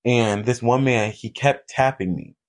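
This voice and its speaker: A man's voice: mid-range voice, a little slow. Young man telling party stories. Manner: storytelling, profane, laughs often. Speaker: podcast co-host. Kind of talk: casual chat.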